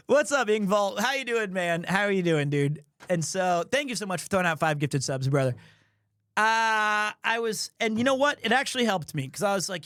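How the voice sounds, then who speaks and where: A man telling a travel story on a live stream, animated and self-mocking, with casual swearing, close to the mic. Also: high voice, fairly quick, clean tone, dry recording.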